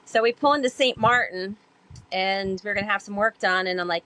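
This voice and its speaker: A woman's voice: mid-range voice, fairly quick, low-quality recording. Chatty woman sharing sailing stories. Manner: chatty, with many fillers; animated when she acts out past dialogue. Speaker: podcast guest, sailor and author. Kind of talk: casual storytelling interview.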